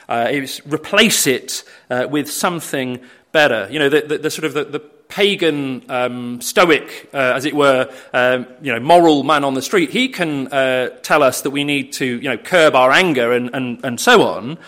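A man's voice: mid-range voice, normal speed, a bit bright. A man preaching a sermon, earnest, with frequent fillers and tag questions like "isn't it". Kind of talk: sermon on a Bible passage.

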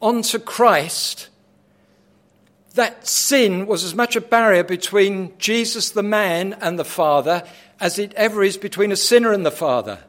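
High-voiced man preaching dramatically. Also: a little slow. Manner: dramatic, swinging from hushed to loud. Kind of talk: sermon.

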